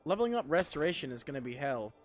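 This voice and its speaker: A sleepy man chats loosely on a game livestream, rambling and swearing as he goes. His voice sits slightly high. Faint game music runs underneath. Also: sing-song, very fast. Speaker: gaming streamer. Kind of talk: casual game livestream chat.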